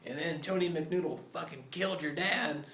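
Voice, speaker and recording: A man doing a loud, cursing masked mob enforcer. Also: fairly high pitch, moderate pace, roomy sound, pitched above the performer's own voice. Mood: cruel. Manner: cursing, taunting.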